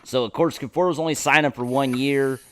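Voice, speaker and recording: A man with a mid-pitched, ordinary voice co-hosting a sports talk show. He speaks in an easygoing, agreeable way, often pausing on fillers. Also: fairly even intonation. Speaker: podcast co-host. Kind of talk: casual sports chat.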